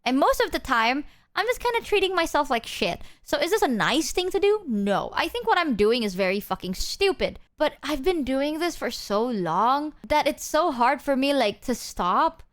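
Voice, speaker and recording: A woman's voice: sits high, sing-song, normal speed. A young woman streamer chatting casually with her viewers, rambling and self-deprecating, swearing freely and acting out people she quotes. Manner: quotes people in exaggerated put-on voices.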